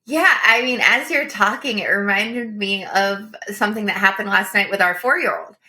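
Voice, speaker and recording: A woman in her thirties co-hosting a coaching podcast, telling stories in an earnest, lively way. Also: medium pitch, moderate pace. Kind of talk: casual coaching talk.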